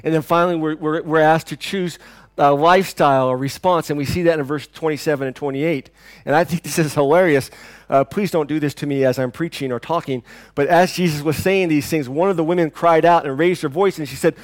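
Animated male preacher, slightly high voice. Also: fairly quick, no echo. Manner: animated, swings from loud declarations to quiet intensity. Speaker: pastor. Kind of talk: sermon.

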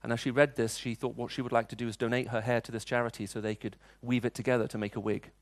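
A man's voice: mid-range voice, flat delivery, fast, no room sound. Middle-aged male preacher, chatty storytelling delivery, dry recording. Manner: storytelling, conversational, frequent restarts. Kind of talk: sermon with personal stories.

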